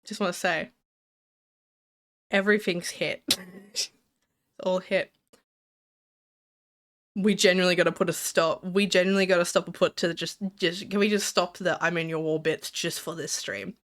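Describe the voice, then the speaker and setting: A woman's voice: lowish voice, fairly even intonation, moderate pace, long pauses, a bit bright. A woman streamer chatting casually to her audience while gaming, giggling and rambling. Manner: giggly, rambling, restarts sentences.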